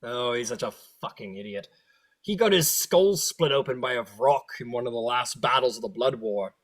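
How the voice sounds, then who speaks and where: A man's voice: mid-range voice, animated, normal speed, lightly acted. A man voicing crude, bullying male devil soldiers who sneer and swear.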